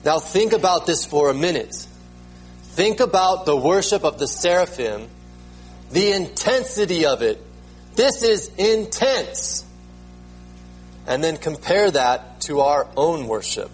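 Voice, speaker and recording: A man's voice: a little high, big pitch swings, unhurried, faint music behind, poor audio. A man preaching a sermon as pastor, emphatic, repeating words and rising sharply when he proclaims them.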